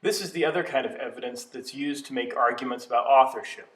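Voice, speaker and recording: A man giving an educational video lecture on scripture, explaining terms in a measured way and slowing down to stress key words. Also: mid-range voice, a bit bright. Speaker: teacher of biblical studies. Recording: echoey room, mic at a distance.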